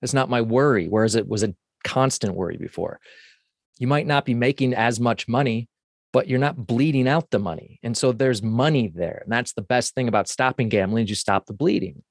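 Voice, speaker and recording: A man's voice: medium pitch, a little fast, gravelly, no echo, clean studio sound. A man co-hosting a podcast, leading a gambling recovery support meeting in a plainspoken, folksy way. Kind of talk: casual recovery meeting talk.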